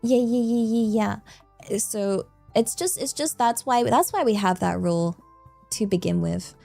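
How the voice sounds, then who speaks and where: A woman's voice: medium pitch, a little slow, vocal fry, dark tone, faint music behind. A woman streamer chatting casually with her viewers, rambling along with lots of fillers and repeated yeahs. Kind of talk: casual live-stream chat.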